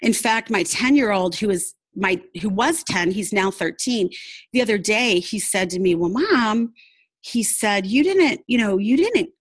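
A woman's voice: mid-range voice, a little slow, dry recording. A woman talking openly and earnestly as an interview guest, often laughing as she tells her story. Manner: open and heartfelt. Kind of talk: candid personal interview.

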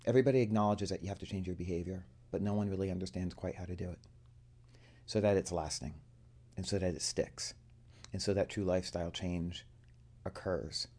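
A man with a low, mellow voice tells a personal story to a group. He talks earnestly and animates the lines he quotes from others. The tone stays relaxed and unforced. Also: fairly quick. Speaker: coaching student.

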